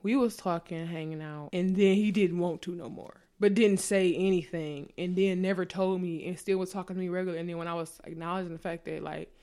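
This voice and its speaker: A woman's voice: fairly low pitch, a little fast, few pauses. A woman co-hosting a casual chat, telling dating stories with lots of profanity and acting out the other people's lines. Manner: animated, profane, acts out quotes in a raised voice.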